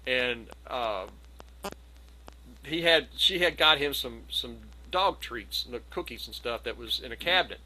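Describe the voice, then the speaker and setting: Bright-voiced man telling a story. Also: medium pitch, a little slow, poor audio. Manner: animated anecdote, acts out quoted voices. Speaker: community gathering participant. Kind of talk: casual storytelling. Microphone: video call.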